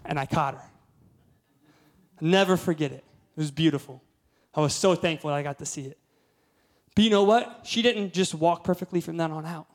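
Male guest preacher, thirties, slightly high voice; storytelling sermon that swells to loud peaks. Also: moderate pace, pauses often. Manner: storytelling, rising to emphatic peaks.

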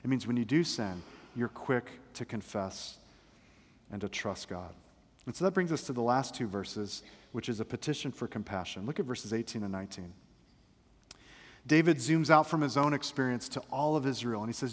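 A man's voice: medium pitch, moderate pace. A male pastor preaching a sermon, fervent and emphatic, with humorous asides. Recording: long reverb of a large hall.

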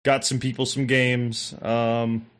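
A man's voice: mid-range voice, level tone, slow, a bit bright. Laid-back man co-hosting a podcast. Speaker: podcast co-host. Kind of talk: casual podcast chat.

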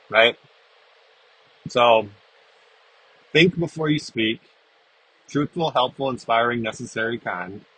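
A man's voice: mid-range voice, fairly bright tone, husky, poor audio. A man hosting a recovery podcast, talking freestyle in a blunt, casual way, swearing and checking in with "right?" as he goes. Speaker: podcast host.

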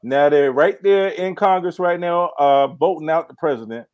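A man's voice: fairly high pitch, normal speed, muffled recording. Earnest man arguing politics. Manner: agreeing interjections, then earnest argument. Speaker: podcast co-host. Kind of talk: political commentary.

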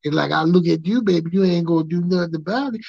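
A man's voice: high voice, quick pace, vocal fry, darkish tone, dry recording, dull audio. A man doing a lisping, drawling wrestling legend. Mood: boastful. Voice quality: lisp. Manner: drawling "baby" at phrase ends. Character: folksy male wrestling talker, smooth-boasting.

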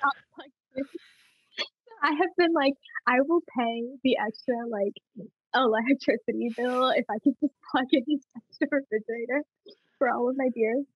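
Giggly, husky young woman telling stories. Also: sits high, moderate pace, dry recording. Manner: giggly, animated storytelling. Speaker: podcast guest. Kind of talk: casual chat. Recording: dull lo-fi sound.

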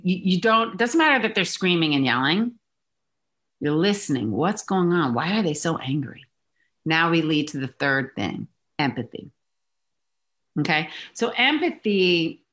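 A woman's voice: low-pitched, a bit bright. A woman executive coach being interviewed, explaining her points emphatically and acting out little examples. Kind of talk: conversational interview.

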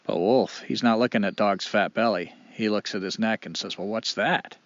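Male storyteller, animated and expressive, dry slightly muffled sound. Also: on the low side, no room sound. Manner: animated, expressive, with dramatic pauses. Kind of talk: oral storytelling.

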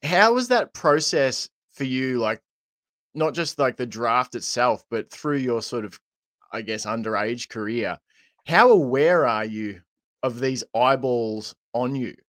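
A man, hosting a podcast and asking long, halting questions. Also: mid-range voice, expressive, fairly bright tone, no room sound. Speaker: podcast host. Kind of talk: casual podcast interview.

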